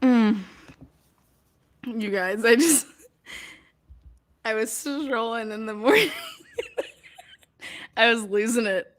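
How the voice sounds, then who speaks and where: A woman's voice: a little high, takes it slowly, pauses often. A woman hosting a true crime live stream, chatting casually, laughing often and swearing loosely.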